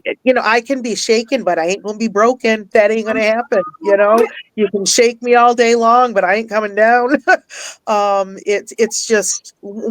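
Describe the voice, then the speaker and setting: A woman tells a heartfelt personal story in an earnest, animated way, laughing often and repeating phrases for emphasis. She sounds close to tears at times. Her voice sits at an ordinary pitch, and the recording is dry and close. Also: dry recording. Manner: emotional, near tears at times. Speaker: guest, life coach and minister.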